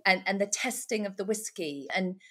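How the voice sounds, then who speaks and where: A middle-aged woman talks easily as a podcast host, her voice in a middle pitch. She chats in a relaxed, filler-heavy way with lots of "like" and "you know.". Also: normal speed, breathy edge. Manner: chatty, many fillers, laughs along. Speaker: podcast host, sobriety coach. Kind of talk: casual conversation.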